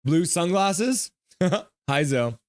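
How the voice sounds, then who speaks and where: Hosting a live stream, a young Canadian man reads chat messages aloud and jumps into chatty, casual play-by-play of the game. His voice is fairly high with lively intonation and drawn-out words, captured in a dry, studio-quality recording.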